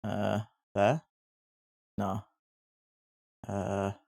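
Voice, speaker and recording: A livestreamer chatting casually with viewers while drawing, swearing freely and breaking into excited yelps. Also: sits low, very slow, gravelly, no room sound, studio quality.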